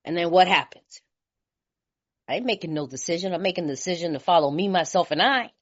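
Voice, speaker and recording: A woman from California speaking at a recovery meeting, telling her story in a lively, colloquial way and laughing often. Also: on the low side, fast talker. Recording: slightly muffled lo-fi recording.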